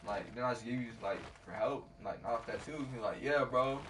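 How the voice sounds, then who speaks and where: A man's voice: on the low side, brisk. Guy streaming and telling a story, slangy and cursing a lot, mic kinda far, noisy room behind him. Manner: rambling, slangy and profane, with many fillers. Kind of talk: casual storytelling while gaming. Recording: distant mic with clear background ambience.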